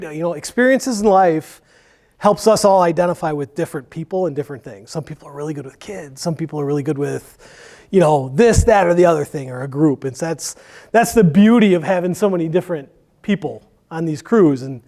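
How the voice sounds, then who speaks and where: Candid rambling firefighter man, high-pitched. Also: lively intonation, fairly quick, darkish tone. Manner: candid, rambling, with many fillers. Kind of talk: conversational Q&A in church.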